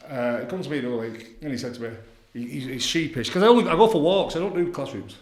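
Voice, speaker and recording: Fast-talking blunt man, roomy sound. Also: medium pitch, animated. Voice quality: blunt, repetitive, leans on tag questions. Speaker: addiction counsellor guest. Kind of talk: casual podcast interview. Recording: roomy echoey room.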